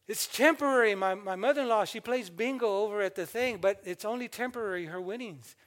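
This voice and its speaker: A man's voice: very high voice, fairly bright tone. An older man preaching a sermon, exhorting the congregation and calling out for amens. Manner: exhorting, calls for amens and asks the congregation questions.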